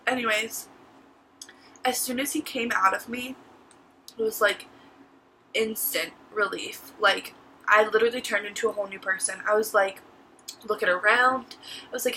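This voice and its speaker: Bright-voiced chatty teen girl vlogger. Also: mid-range voice, a little fast, slight background noise, rough recording. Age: teens. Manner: chatty, says "like" and "literally" a lot. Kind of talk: casual storytelling vlog.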